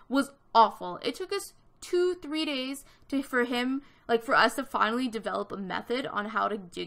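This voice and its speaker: A woman's voice: fairly high pitch, bright, forceful tone. A woman in her twenties from Canada, telling a story in casual chat over a gaming video, with lots of fillers. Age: 20s. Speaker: gaming vlogger.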